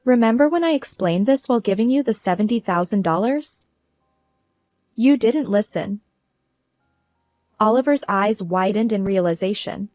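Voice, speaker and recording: A woman's voice: mid-range voice, animated, moderate pace, pauses often, darkish tone, dry recording. A woman narrating a first-person drama story in a cool, businesslike manner.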